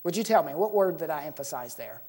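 A woman preaching a sermon, asking the congregation questions and slowing down to stress key words. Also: deep voice, lively intonation, mellow.

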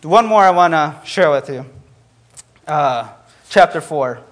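A man's voice: a little high, expressive, takes it slowly, fairly bright tone. A young man preaching a conversational sermon, earnest and sprinkled with fillers as he tells a personal story.

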